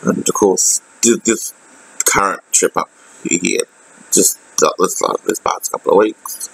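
Husky, gravelly Australian man vlogging. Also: low-pitched, fairly bright tone, poor audio. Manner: emotional, halting, many fillers and restarts. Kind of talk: personal video diary.

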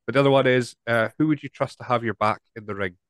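A man's voice: medium pitch, quick pace, no echo. A man hosting an interview podcast in an easygoing way, with a sore throat. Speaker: podcast host.

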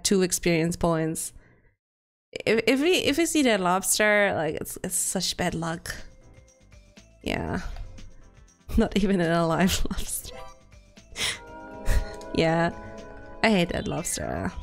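A woman streaming a game and chatting casually with friends, giggly and playful, often breaking into squeaky silly voices. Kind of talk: casual gameplay chat with friends.

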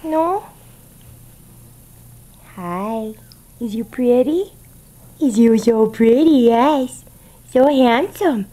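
Woman, high sing-song baby talk, slow cooing, soft whispers, mellow tone, talking to a puppy at home. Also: lively intonation. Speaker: puppy breeder filming a puppy.

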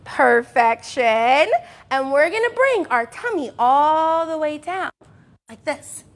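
A young woman teaching a sing-song music and movement class for toddlers, bubbly and encouraging, with excited gasps. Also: sits high, takes it slowly.

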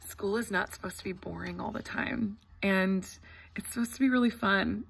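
A woman teacher in her thirties or forties speaks with a bright, clear voice. She talks to parents in an earnest, effusive way, with fillers and restarts. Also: a little high. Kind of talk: casual welcome talk to parents. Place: empty classroom.

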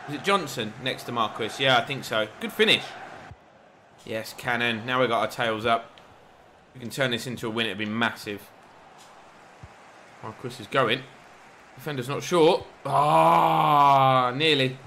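A young man giving lively commentary over his own football video game, getting loud at big chances. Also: mid-range voice, normal speed, pauses often, slight background noise. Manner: excitable, shouts at big chances. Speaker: gaming YouTuber. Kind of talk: live gameplay commentary.

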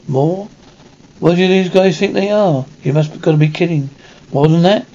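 A man reading a television episode script aloud and voicing every part himself in a flat read-through, on a dull, slightly lo-fi recording with faint hiss. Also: a little high, moderate pace, creaky. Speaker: radio reader.

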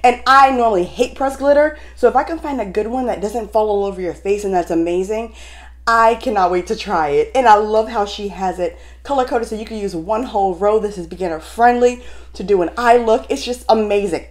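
A woman beauty vlogger talking straight to her viewers in a casual unboxing vlog, gushing and excitable. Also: medium pitch, brisk.

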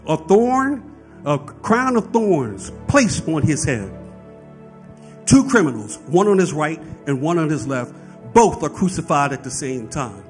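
A male pastor delivers a sermon in a high, strongly swinging voice that climbs into fervent peaks. He teaches plainly and keeps checking in with his listeners. Soft music sits faintly behind him. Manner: preaching with rising fervor, frequent "right?" asides.

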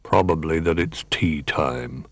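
A man's voice: sing-song, a little slow, fairly bright tone, breathy edge, dry recording, soft background music, full character voice. A man doing a grumpy muttering toy duck. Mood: grumbling. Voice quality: low, dry muttering.

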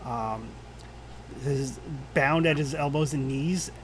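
A man narrating a tabletop game as game master, pausing often with "uh" while he describes each scene. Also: mid-range voice, background noise. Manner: halting, lots of "uh" and restarts while describing scenes.

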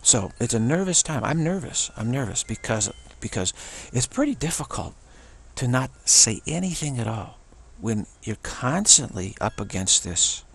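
A man of middle pitch talks through a spiritual monologue with a gravelly, creaky edge and a husky, slightly breathy tone. He speaks earnestly and circles back to the same phrases again and again. He often slips into short imagined exchanges as he talks. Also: very animated, normal speed, a bit bright. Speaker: spiritual commentator.

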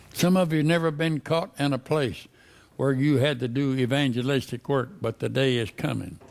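A man's voice: medium pitch, creaky. A man preaching a sermon, reading verses and pressing the listeners with repeated questions. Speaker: pastor.

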